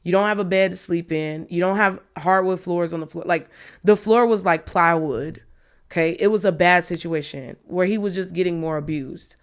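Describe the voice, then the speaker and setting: Woman in her thirties, lowish voice, blunt and emphatic, candid talk straight to viewers. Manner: blunt, emphatic, swears freely. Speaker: tarot reader.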